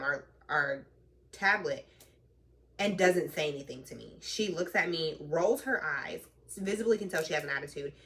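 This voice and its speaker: Animated woman telling a story, bright voice. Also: on the low side, far from the mic. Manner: animated, chatty retelling with slang and swearing. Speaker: truck driver in training. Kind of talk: casual storytime vlog.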